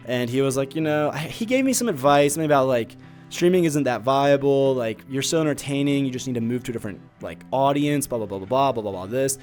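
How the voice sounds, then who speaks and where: A male podcast host and streamer talking openly about his own experiences, loose and conversational, dropping "like" all the time. His voice sits at an ordinary middle pitch. Soft guitar music plays quietly underneath. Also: quick pace. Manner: candid and confessional, many filler likes. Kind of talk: casual personal storytelling.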